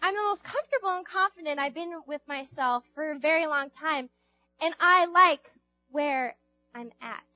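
A woman's voice: high-pitched, normal speed, bright, forceful tone, dry recording, highs cut off, faint music behind. A young woman giving an informal, chatty sermon to a group, asking the audience questions and acting out quotes. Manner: chatty, playful, acts out quotes, asks the audience. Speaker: youth speaker.

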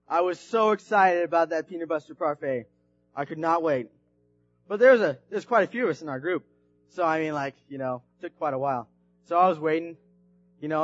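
A man preaching through a personal story, animated and swinging from hushed to shouting. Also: on the high side, no echo, lo-fi sound. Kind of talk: storytelling sermon.

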